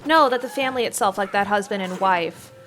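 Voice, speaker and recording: A woman's voice: mid-range voice, brisk, heavy background noise. Chatty supportive woman co-host. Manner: chatty and supportive, many fillers. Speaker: let's play co-host. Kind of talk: casual gameplay chat.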